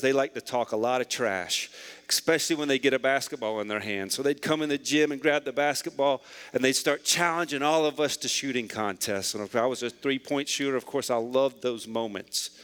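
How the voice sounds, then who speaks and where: Animated preacher in a reverberant church. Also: male voice, clean tone. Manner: dynamic preaching, rising to near-shouts and dropping low. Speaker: pastor. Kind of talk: sermon. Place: church sanctuary. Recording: long hall reverb.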